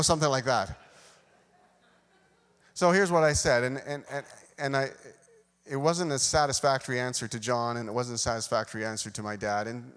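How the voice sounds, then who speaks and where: A man's voice: mid-range voice, fairly bright tone, clear, resonant tone. A man preaching a sermon, telling a self-deprecating personal story and acting out the dialogue. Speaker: pastor. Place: church sanctuary. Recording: long hall reverb.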